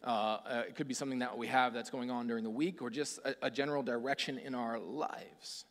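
A man's voice: medium pitch, steady tone, brisk. A man giving a casual, conversational sermon who acts out voices in the story. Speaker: preacher. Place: church hall. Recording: hall reverb.

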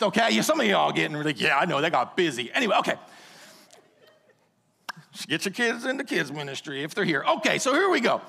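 A male pastor preaching a sermon in a church, animated and joking, breaking into sudden shouts. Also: high-pitched, gravelly, husky. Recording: long reverb of a large hall.

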